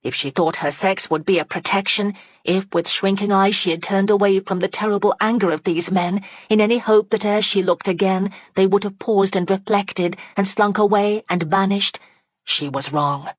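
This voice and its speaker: A woman narrating an audiobook in a steady, dramatic storytelling manner on a close microphone. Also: medium pitch, normal speed, no room sound. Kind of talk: scripted narration.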